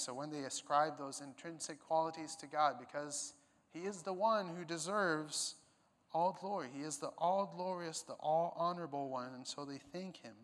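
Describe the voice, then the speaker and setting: A man's voice: on the high side, normal speed, a bit bright, big-room sound. A man preaching a sermon, explaining a passage emphatically, with some fillers and restarts. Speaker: pastor.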